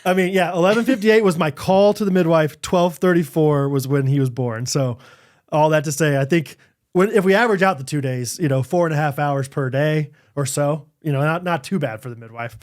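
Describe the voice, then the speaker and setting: A man in his thirties with a fairly high voice chats casually as a podcast co-host. He tells a long story with animated energy, acting out quotes with sudden leaps in pitch and breaking into laughter often. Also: fairly quick. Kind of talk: casual chat.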